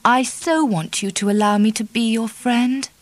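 Storybook figure: earnest, effusive middle-aged woman, as a female narrator puts her on, cool, distinguished tone, raised pitch, dry read. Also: normal speed, no echo, natural voice. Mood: pleading. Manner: pleading, effusive.

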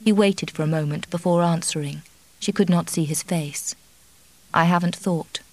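A woman reading a novel aloud as an audiobook narrator, in a measured, even way. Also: lowish voice. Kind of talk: scripted narration.

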